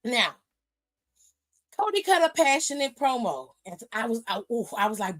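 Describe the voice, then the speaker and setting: A woman hosting a wrestling aftershow, talking in a brash, profane, animated way and acting out the people she talks about. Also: a little high, moderate pace. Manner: acts out quoted voices. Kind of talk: casual commentary monologue.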